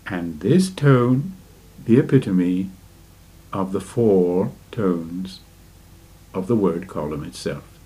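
Slow, deliberate man giving spiritual lecture. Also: low-pitched, animated, dark tone. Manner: deliberate, with rhetorical questions to listeners. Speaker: religious teacher.

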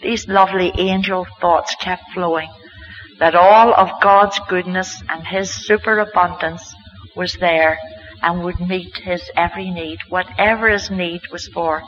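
A woman tells a religious testimony in an earnest, heartfelt way, her voice bright and forward. The recording is dull and lo-fi, with a faint hiss of noise underneath. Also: on the low side. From Northern Ireland. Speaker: mother giving a testimony.

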